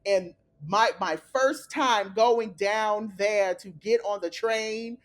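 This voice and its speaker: Woman cohost just chatting, playful, cuts in with quick jokes. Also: medium pitch. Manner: quick playful interjections and laughing asides. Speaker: podcast co-host. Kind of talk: casual chat.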